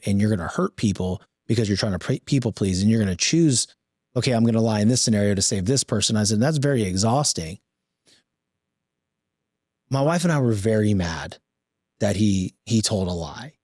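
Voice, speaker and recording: A man's voice: on the low side, darkish tone, dry recording, studio quality. A middle-aged man on a podcast, telling a family story with earnest conviction and acting out the dialogue. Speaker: podcast guest. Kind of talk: casual conversation.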